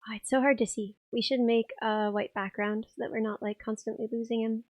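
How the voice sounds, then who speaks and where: Young female streamer, hoarse and rough, slightly high, giggly casual chatter, dry sound. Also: flat delivery, brisk, darkish tone, dry recording. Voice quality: rough, raspy voice. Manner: chatty, giggly, reads chat aloud. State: hoarse, tired voice. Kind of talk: casual live-stream chat.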